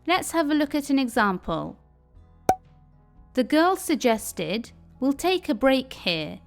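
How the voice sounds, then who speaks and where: Female teacher, scripted lesson, careful and unhurried delivery. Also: fairly high pitch. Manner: clear, careful explanation. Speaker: English teacher.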